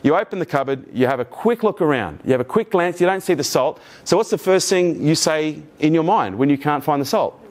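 A middle-aged man gives a motivational keynote to a live audience, his voice sitting a little higher than most men's. He talks with energy and swears freely. He keeps turning to the room with questions and jokes. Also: brisk, few pauses. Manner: energetic, profane, jokey, asks the audience questions. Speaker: keynote speaker.

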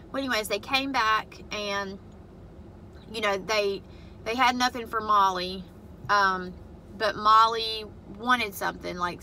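A woman's voice: on the high side, pushed and bright, a little hiss or hum, poor audio. A woman venting to camera from her car, blunt and profane as she retells a family fight. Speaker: vlogger and mother. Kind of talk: venting casual vlog to camera. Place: inside her parked car.

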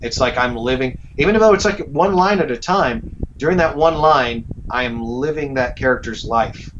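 A man who voices characters and teaches acting, talking through his craft in a relaxed, reflective way with lots of fillers. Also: mid-range voice, normal speed, a little hiss or hum. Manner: reflective, rambling with many fillers. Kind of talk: casual interview chat. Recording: slightly dull, muffled audio.

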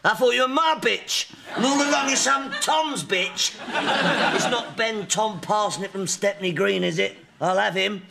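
An actor playing a brash Cockney convict on the run, gruff and quick-tempered. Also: male voice, high-pitched, noisy background. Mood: cocky.

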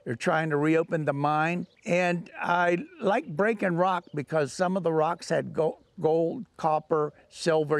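Older male storyteller, high gravelly voice, folksy and rambling. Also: no room sound. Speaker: author and storyteller. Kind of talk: telling an anecdote.

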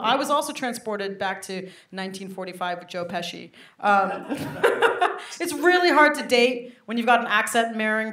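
A woman's voice: mid-range voice, fairly bright tone. Stand-up woman, self-mocking and chatty, roomy club sound with crowd noise. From England. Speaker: stand-up comedian. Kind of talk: stand-up comedy set. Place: comedy club stage. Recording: roomy live club recording with audience noise.

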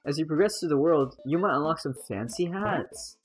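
A woman's voice: low voice, expressive, normal speed, faint music behind. A woman voicing an ancient, wise old male cloud, reading game dialogue in a mock-grand tone.

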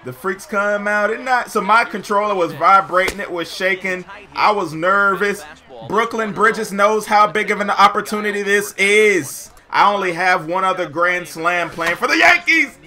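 A young man giving jokey, excited commentary over his own baseball video game play, shouting at big plays. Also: sits high, moderate pace. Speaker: gameplay commentator.

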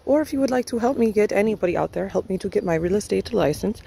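Walking outdoors around a pond in a housing development, a woman vlogger films a casual neighborhood tour on a handheld phone, using a put-on Spanish accent. Her medium-pitched voice is expressive, fast, and dark, with vocal fry, and she rambles chattily, thinking aloud with many fillers. The low-quality recording has a little hiss or hum.

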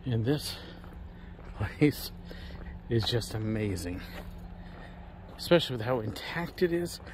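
A man's voice: mid-range voice, takes it slowly, noisy background. A man hosting a casual guided tour of an outdoor Roman amphitheater, slightly out of breath, talking into a camera without a microphone. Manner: animated, showman-like projecting at times. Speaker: travel vlogger, host. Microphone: handheld camera, no microphone.

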